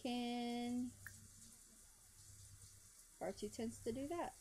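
A woman's voice: a little high, steady tone, drawn-out words, mellow. A woman giving casual commentary while playing a life-sim game, chatting to her character and laughing often. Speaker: gameplay commentator.

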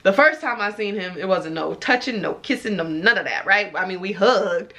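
Girl in her 20s doing a storytime, super animated, bright voice. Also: mid-range voice, moderate pace. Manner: animated, laughing, acts out quoted lines. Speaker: vlogger. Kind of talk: storytime chat.

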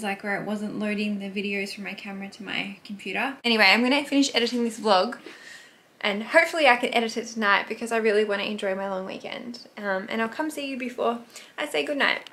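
A young woman in her twenties chatting casually to her camera for a vlog, giggly and quick to swear. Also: mid-range voice, fairly bright tone. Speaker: vlogger.

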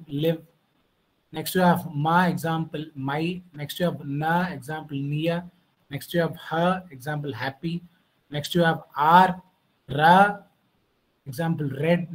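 Brief: Indian English man, slightly high voice, patient online lecturer who fills with "you know", speaking into a computer mic. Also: rough recording. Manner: patient, stepwise, with many "you know" fillers. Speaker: guest speaker.

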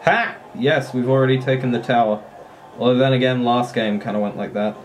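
A man giving casual, excitable commentary while playing a mobile strategy game, often swearing and laughing at his own play. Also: medium pitch, a little fast, faint music behind.

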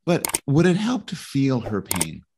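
A man's voice: medium pitch, wildly swooping pitch, unhurried, noisy background. A middle-aged man explaining his ideas in conversation, thoughtful and prone to stammering restarts. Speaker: guest author.

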